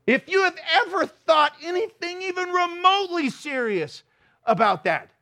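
A man's voice: very high voice, lively intonation, moderate pace, pushed and bright. A middle-aged man preaching a sermon, telling stories animatedly with laughter and mimicked voices. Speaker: pastor.

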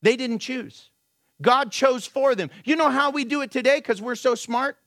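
A man preaching a sermon, telling stories with lively swings and asking the congregation rhetorical questions, sometimes dropping to low, quiet asides. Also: moderate pace, no echo, clean studio sound. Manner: animated storytelling with sudden drops to a low, quiet aside. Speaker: pastor.

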